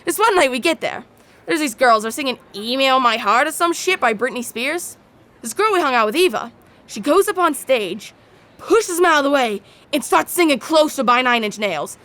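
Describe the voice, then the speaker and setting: A woman's voice: high-pitched, normal speed. A woman performing a theatrical monologue as a rowdy young adult, telling crude bar stories. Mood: brash. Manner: animated, brash storytelling with crude asides. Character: rowdy young adult bragging about wild bar nights.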